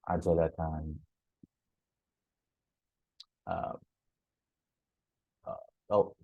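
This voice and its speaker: A man's voice: deep voice, mellow, no echo, low-quality recording. A man teaching Arabic grammar in a recorded lesson, patiently repeating words and checking in with "hmm?" and "right?".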